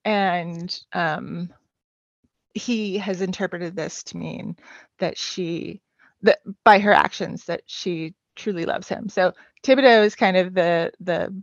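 A woman's voice: on the low side, fairly even intonation, takes it slowly, no room sound. A woman chatting casually as a podcast guest, hesitant and full of filler sounds. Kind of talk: casual chat. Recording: dull lo-fi dry sound.

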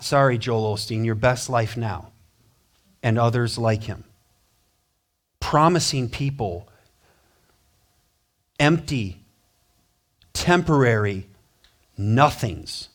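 A male pastor preaching a sermon, animated, acting out quoted voices and swinging from loud declarations to hushed, low passages. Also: slow, pauses often.

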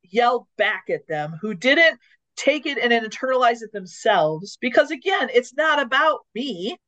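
A woman's voice: a little high, measured pace. A woman co-hosting a casual podcast conversation on leadership, telling stories and acting out what people said. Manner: animated storyteller who acts out quoted lines. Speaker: podcast co-host. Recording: dull lo-fi audio.

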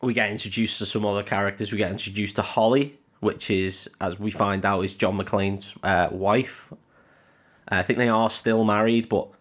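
A man co-hosts a podcast with a lowish voice. He retells a film in a rambling, jokey way, swearing often and filling gaps with ums. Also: steady tone, normal speed. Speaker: podcast co-host. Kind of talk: casual chat retelling a film.

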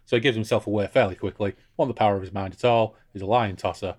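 A man's voice: fairly low pitch, steady tone, quick pace, a little mellow. A man hosting a casual book discussion podcast, irreverent and jokey. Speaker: podcast host.

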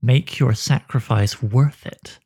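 A man's voice: medium pitch, slow pace, warm tone, slightly rough, full character voice. A man voicing a sinister hooded cave creature that taunts and tempts in a hissing whisper.

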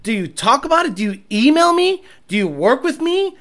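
A man's voice: extremely high pitch, very animated, normal speed, few pauses, a bit bright. A young man hosting a casual livestream, reading chat and ranting bluntly with lots of profanity and boasting.

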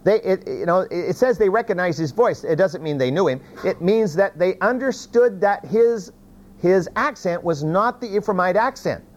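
In a sermon, a man with a high-sitting voice teaches from the Bible, retelling the story at a moderate pace in his own folksy words. His voice moves widely up and down, and he often restarts a phrase before carrying on, adding folksy asides. The sound is lo-fi.

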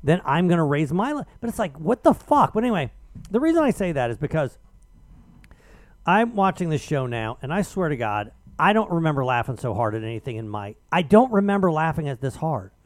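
A man hosting a radio talk show, telling an argumentative story in casual chat with animated emphasis. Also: fairly high pitch, brisk, no room sound.

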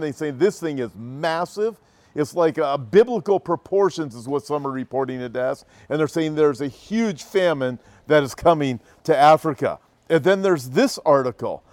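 A man hosting a talk show, reading news headlines slowly and then commenting on them with emphasis, tying them to scripture. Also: a little high, darkish tone, no room sound.

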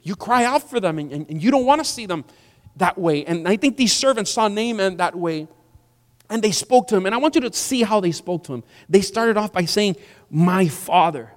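A man pastor preaching a sermon in a church, animated and acting out the people in his story. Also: high voice, a little fast. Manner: animated, acts out quoted voices. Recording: long church hall reverb.

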